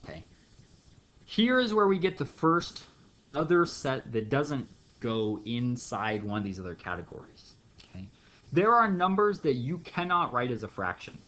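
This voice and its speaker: A man's voice: mid-range voice, very animated, normal speed, a bit bright, highs cut off. A man teaching a math lesson in a playful, jokey storytelling way, acting out little scenes. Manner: playful storytelling with acted bits. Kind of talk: jokey classroom lecture.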